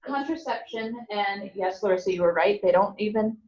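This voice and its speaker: A woman giving a relaxed classroom lecture, chatting and joking with her students. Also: medium pitch, normal speed. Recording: dull, roomy, from a distant mic.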